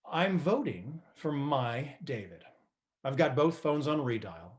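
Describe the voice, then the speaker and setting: A man's voice: mid-range voice, expressive, slow, pitched above the performer's own voice. An actor playing a man who voices his forgetful, defensive elderly mother within a stage monologue. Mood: gushing.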